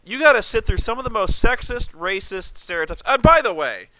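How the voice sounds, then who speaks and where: A man in casual chat, ranting with profanity in an animated way. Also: high-pitched, a little fast, no echo, poor audio. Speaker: guest critic.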